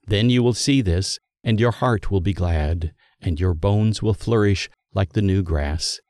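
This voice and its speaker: A man with a fairly low voice reads scripture aloud in a measured, solemn way. He lifts his delivery for quoted speech, and the sound is close and dry with no room echo. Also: a little mellow. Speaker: scripture reader. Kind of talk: scripted liturgical Bible reading.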